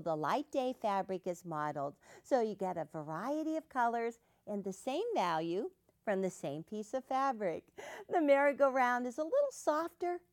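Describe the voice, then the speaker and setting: An older woman hosting a quilting show, enthusiastically describing quilts and then teaching a sewing technique. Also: lowish voice. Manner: gushing, enthusiastic, starts lines with "well".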